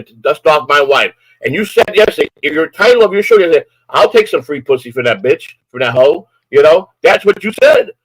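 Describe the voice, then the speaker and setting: A man's voice: fairly high pitch, fairly bright tone, poor audio. An older man, host of a live stream, ranting angrily and issuing profane, repetitive threats. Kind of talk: angry live-stream rant.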